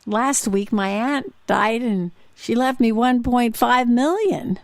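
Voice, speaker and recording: A woman's voice: on the high side, slow, no room sound, clean studio sound, pitched above the performer's own voice. A woman voicing a glum man who speaks in a mopey, matter-of-fact way. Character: glum man who keeps inheriting money.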